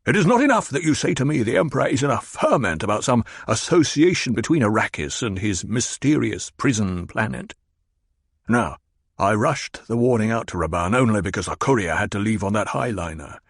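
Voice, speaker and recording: Man voicing a pompous old villain baron, demanding, petulant, gravelly, husky. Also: fairly low pitch, expressive, brisk, no room sound, clean studio sound.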